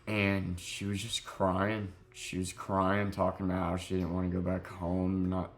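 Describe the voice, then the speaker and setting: A young man telling a sad story in a halting, grieving way, close to crying, in a confessional vlog. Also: deep voice, completely flat delivery. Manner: halting, heavy with grief, self-critical. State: near tears. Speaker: vlogger.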